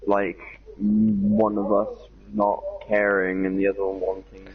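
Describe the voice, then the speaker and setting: A young man chatting casually with a friend, rambling and filling every pause with "like". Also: low-pitched, completely flat delivery, breathy edge. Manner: rambling, full of "like" fillers. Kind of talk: casual chat. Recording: muffled lo-fi audio with faint noise.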